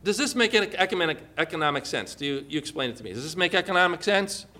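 Male pastor, animated storyteller, bright and high voice, sermon delivery. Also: fast talker. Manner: animated storytelling, rhetorical questions.

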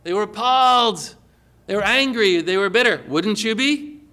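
A male pastor preaching a sermon, retelling a parable with animated storytelling and frequent rhetorical questions. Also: high-pitched, normal speed.

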